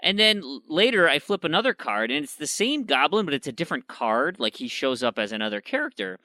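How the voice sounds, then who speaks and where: Male podcast co-host, rambling casual talker, bright and animated. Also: on the high side, a little fast, no echo. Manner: rambling, full of fillers and restarts. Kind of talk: casual gaming chat.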